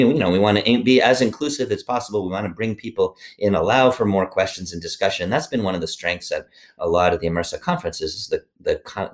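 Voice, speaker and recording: A middle-aged man, a former organization president, answering interview questions in a rambling, self-deprecating way with many fillers and restarts. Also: low voice. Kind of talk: conversational podcast interview.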